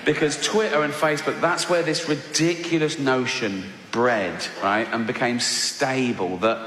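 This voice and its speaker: A man's voice: medium pitch, unhurried, fairly bright tone. A man doing stand-up, building an argument and asking "right?" again and again. His mid-range voice echoes through a big hall with a long reverb tail. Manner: argumentative, keeps checking with "right?". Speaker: stand-up comedian. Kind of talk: stand-up comedy.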